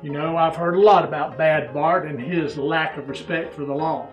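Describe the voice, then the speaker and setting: A man's voice: fairly high pitch, moderate pace, roomy sound, recorded from a distance, muffled recording, soft background music, natural voice. A man playing an earnest undercover government agent with polite manners.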